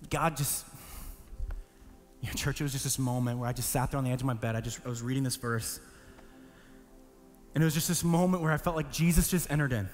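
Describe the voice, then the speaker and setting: A young man preaching a sermon, telling a personal story, swinging between hushed lows and pleading highs. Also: brisk, long pauses, in a large hall, faint music behind. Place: church hall.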